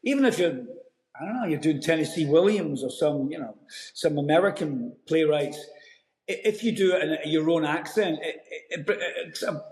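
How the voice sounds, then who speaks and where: A Scottish man, an actor, telling a story in a casual interview, lively and full of restarts. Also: a little high, normal speed. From Scotland. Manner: animated storyteller, many restarts. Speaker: actor guest. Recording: roomy echo.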